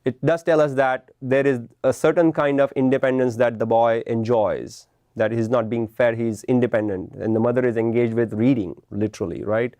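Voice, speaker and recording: A man's voice: mid-range voice, steady tone, moderate pace, a little mellow, dry recording. Man, lecturer, explanatory, checks in with listeners, dry sound. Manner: explanatory, tags points with "right?". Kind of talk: classroom lecture on film composition.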